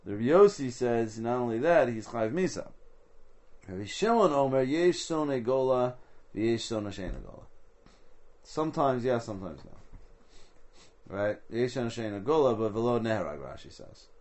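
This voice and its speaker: A man's voice: mid-range voice, expressive, normal speed, a little mellow. A man teaching a Talmud study session, explaining step by step and asking rhetorical questions. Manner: explanatory, mixes Hebrew and Aramaic terms into English.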